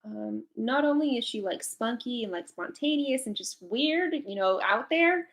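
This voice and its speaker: A woman's voice: on the high side, animated, normal speed, gravelly. Giggly woman doing a live card reading. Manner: giggly, laughs often, many fillers. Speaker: psychic card reader. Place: at home with a cat.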